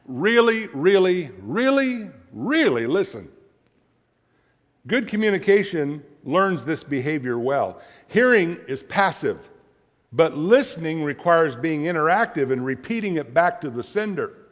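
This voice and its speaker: Pastor preaching in a reverberant church. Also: male voice, a little high, normal speed. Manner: animated, repeats words for emphasis. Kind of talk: sermon. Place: church sanctuary.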